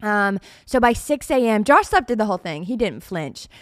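A young woman co-hosting a podcast, telling a story in an animated, chatty way and laughing often. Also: mid-range voice, moderate pace, dry recording, studio quality. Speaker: podcast co-host. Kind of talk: casual storytelling chat.

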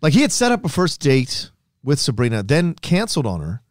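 Fast-talking teasing man. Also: fairly high pitch, huge pitch swings, soft background music. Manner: teasing, gossipy banter. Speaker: podcast co-host. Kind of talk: casual panel chat.

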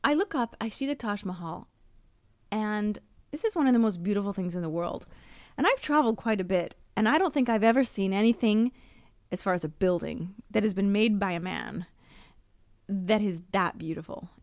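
A woman's voice: mid-range voice, expressive, normal speed, darkish tone, no room sound, clean studio sound. A woman podcast host frankly telling a personal story, with small laughs and restarts.

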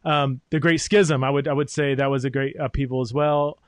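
A man's voice: mid-range voice, steady tone, fairly quick, clear, resonant tone, no room sound. Thoughtful male podcast host, dry sound. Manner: thoughtful, many fillers and restarts. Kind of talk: interview conversation.

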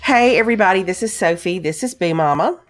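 A woman co-hosting a podcast in casual chat, her voice hoarse from a cough, telling stories with emphatic repeats. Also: lowish voice, expressive, fast talker, over music. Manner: chatty storyteller, emphatic repeats. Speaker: podcast co-host.

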